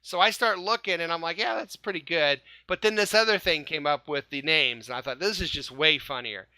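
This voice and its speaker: A slightly high, sharp-toned man speaks briskly as host of a fan podcast, leading a name quiz in a casual panel chat, recorded dry. He keeps laughing and joking while spelling names out.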